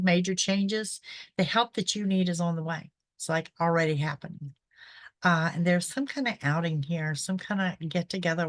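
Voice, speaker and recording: This psychic show host reads horoscopes in an easygoing, talkative way, frequently adding "okay?". Her voice is on the low side and fairly bright, and pollen has irritated her throat. The recording is dry.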